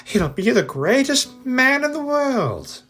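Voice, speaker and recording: A man voicing a pompous old king, slow, lofty and exaggerated. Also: very high voice, very animated, a bit bright, soft background music, pitched above the performer's own voice, heavily acted. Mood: grandiose. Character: pompous old British king, male, regal.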